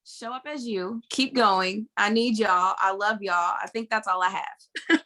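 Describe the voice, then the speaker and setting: A woman's voice: mid-range voice, steady tone, measured pace, bright, forceful tone. A woman speaking candidly and emotionally in a casual group talk, swearing freely and laughing often. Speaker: group member sharing her story.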